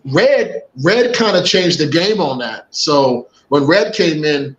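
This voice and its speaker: Brief: emphatic co-host, man with a slightly high voice, roomy echo. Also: takes it slowly, dull audio, a little hiss or hum. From Boston area. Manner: animated, emphatic, swearing, laughing often. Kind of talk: casual podcast chat.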